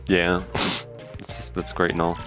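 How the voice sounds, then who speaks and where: A man's voice: sits low, completely flat delivery, takes it slowly. A young man co-hosting a let's play with dry, laid-back quips. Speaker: co-host. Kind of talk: casual gameplay banter. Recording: faint game music behind.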